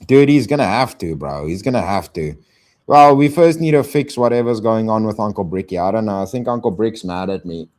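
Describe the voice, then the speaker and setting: A man's voice: lowish voice, expressive, brisk, darkish tone. A man hosting a casual live stream, swearing and thanking donors in slang.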